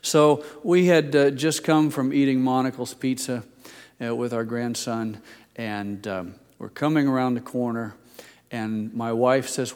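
A man's voice: mid-range voice, fairly even intonation, unhurried, darkish tone, smooth. An older man preaching a sermon, telling a personal story in a conversational, self-deprecating way. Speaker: pastor. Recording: long hall reverb.

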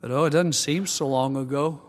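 Older pastor preaching in a reverberant church. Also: male voice, fairly high pitch. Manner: reflective, earnest, slowing and softening at tender moments. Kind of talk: sermon. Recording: long hall reverb.

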